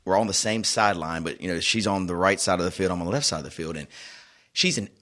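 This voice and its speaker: Low-voiced man telling an animated story. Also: fast. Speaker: youth soccer coach. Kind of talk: casual chat.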